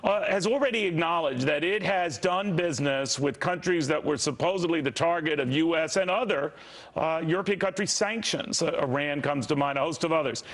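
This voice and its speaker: A wry man leads a television business panel and pokes fun at the topic. His voice sits a touch high and he fills pauses with frequent ums and uhs. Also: fairly bright tone. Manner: wry, mock-indignant, many uh fillers. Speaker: TV business news host. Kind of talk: TV panel discussion.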